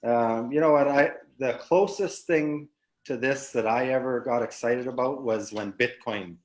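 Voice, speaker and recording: A man from Canada chatting casually on a livestream, halting and padding his talk with fillers. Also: medium pitch, low-quality recording. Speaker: team member guest. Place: Philippines, beach behind him.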